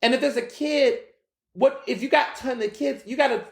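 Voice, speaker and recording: A man hosting his own podcast, chatting in an animated, slangy way and speaking straight to his listeners. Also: extremely high pitch, normal speed, gravelly, roomy sound. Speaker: podcast host. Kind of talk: casual solo commentary.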